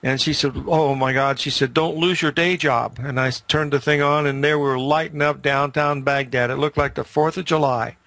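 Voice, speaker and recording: A man's voice: fairly high pitch, fairly even intonation, normal speed, few pauses, a bit bright, dry recording. An older man hosting a market show, telling rambling, emphatic stories in casual commentary.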